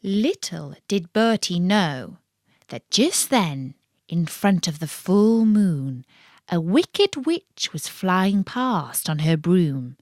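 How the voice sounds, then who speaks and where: A woman reads a children's bedtime story in a slow, unhurried way. Her pitch rises and falls with lively expression, and the sound is dry and close. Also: no room sound. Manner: warm, playful, expressive reading.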